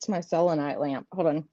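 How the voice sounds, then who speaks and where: A woman's voice: low-pitched, warm tone, a little hiss or hum. A woman in her thirties or forties hosting a live tarot stream from home, chatting casually and laughing often. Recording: dull lo-fi stream audio.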